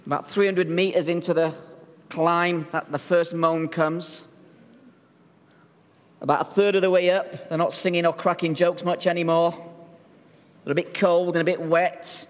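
Man, pastor, sermon, chatty storyteller, fairly high voice, long church reverb. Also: little pitch movement, normal speed, long pauses. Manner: storytelling, jokey and conversational. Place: church sanctuary.

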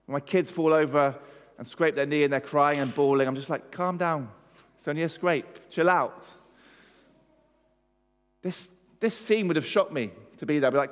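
A man preaching with emphasis, pitched a little high and putting questions to his congregation. His voice rings with a long reverb in a church hall. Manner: emphatic, asks the audience questions. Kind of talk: sermon.

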